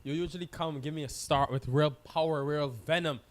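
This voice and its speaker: A man's voice: on the high side, fairly even intonation, brisk. A man commentating live on a cricket match, chatty and teasing his co-commentator.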